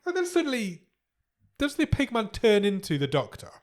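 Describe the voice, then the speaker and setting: Bloke, dry and sweary, laughing through a movie recap. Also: male voice, sits high, huge pitch swings, moderate pace. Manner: wry, swears, laughs at the plot. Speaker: podcast co-host. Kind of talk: casual film chat.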